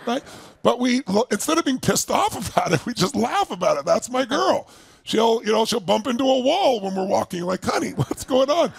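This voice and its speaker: A man speaking at a relationship seminar, telling lively stories and acting out his wife's lines in a high voice. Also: brisk, vocal fry, breathy edge. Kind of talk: lively talk to a seminar audience.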